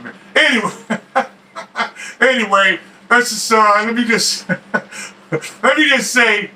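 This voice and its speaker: A middle-aged man and boxing expert, ranting fiercely to camera in streetwise slang, often shouting and stumbling over his restarts. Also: high-pitched, animated, slow pace, long pauses, a little hiss or hum, poor audio. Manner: fiery, shouting, stammering restarts.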